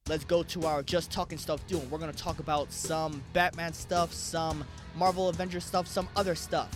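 A man's voice: a little high, flat delivery, moderate pace, music in the background. Profane, rambling podcast host, man. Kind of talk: casual solo podcast rambling.

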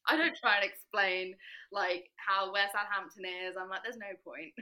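A woman with a Southern English accent talks as a podcast guest, chatty and full of storytelling energy. Her voice is bright and forward at a middling pitch. She tells each story with plenty of animation. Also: fairly even intonation, measured pace, poor audio. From England. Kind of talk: casual chat.

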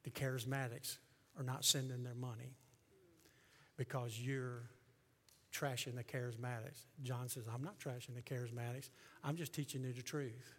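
A male pastor preaching a sermon to his congregation, swinging from hushed tones to loud, fervent passages. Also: mid-range voice, little pitch movement, moderate pace, husky. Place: church sanctuary with congregation.

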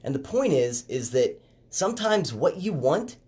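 A man hosting a casual commentary podcast, talking conversationally and getting animated when he makes a point. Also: fairly high pitch, measured pace. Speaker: podcast host. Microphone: headphones with phone recording.

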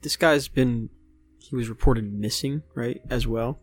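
Guy player working things out loud, middle voice, faint music behind. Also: medium pitch. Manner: deliberate, thinks aloud with restarts. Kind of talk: tabletop game chat.

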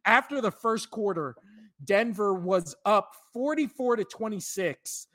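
A man's voice: high-pitched, expressive, unhurried, a bit bright. A man in his thirties or forties, co-hosting a sports podcast, ranting with profane, exasperated outbursts. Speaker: podcast co-host. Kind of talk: sports rant.

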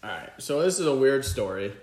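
A young man co-hosting a casual comedy podcast, a lively storyteller who does loud impressions. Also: mid-range voice, a little fast, reverberant, slight background noise. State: hoarse from a lost voice. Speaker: podcast co-host.

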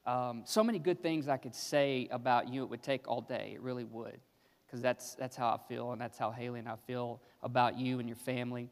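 A man's voice: mid-range voice, fairly even intonation, brisk. Man introducing a guest preacher in a hall. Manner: warm, praising. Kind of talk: introduction from the pulpit. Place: church sanctuary. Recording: long reverb from a hall.

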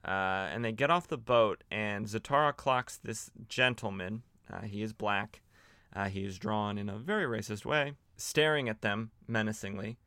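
A man's voice: fairly low pitch, normal speed, sharp tone, smooth, no room sound, studio quality. A man hosting a podcast, chatting casually and sardonically as he recaps old comic books, with lots of fillers and restarts. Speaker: podcast host.

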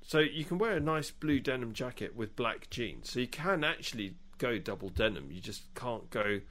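A man's voice: mid-range voice, lively intonation, moderate pace, fairly bright tone. A man co-hosting a podcast in casual chat, playful and teasing, often laughing. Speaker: podcast co-host.

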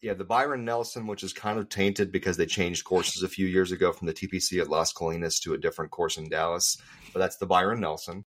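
A man's voice: sits low, fairly even intonation, fast, a bit bright. A man co-hosting a podcast, talking casually and with strong opinions, often restarting his sentences. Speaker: podcast co-host. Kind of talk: casual chat.

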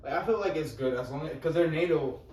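A young man hosting a casual podcast, steering the questions in a relaxed way. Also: fairly high pitch, fast talker, slight background noise. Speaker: podcast host. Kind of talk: casual chat. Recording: echoey room, mic at a distance.

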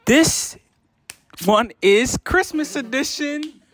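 A podcast co-host welcoming listeners in an unhurried, laid-back way. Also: sits high, expressive, fairly bright tone. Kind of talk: casual chat among friends.

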